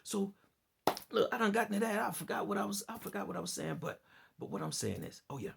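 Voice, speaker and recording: His voice sits high and sing-song, with vocal fry, a slightly bright quality, and a breathy edge, and he talks quickly. Exhausted and dead tired, this online preacher and commentator delivers a rambling, preachy, impassioned vlog off the cuff, repeating points and appealing to his audience.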